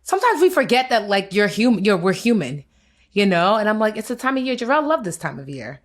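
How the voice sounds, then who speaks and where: This podcast co-host has a medium-pitched voice with lively intonation and a fairly quick pace. Chatting casually in an American accent, she reflects on the year in a frank, somewhat weary way.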